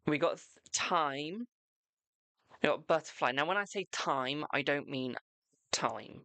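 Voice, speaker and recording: A man's voice: mid-range voice, normal speed, sharp tone, dry recording. An English man hosting a live-streamed tarot reading, chatty and cheeky, calling viewers "my darling" and slipping into mock-ominous warnings.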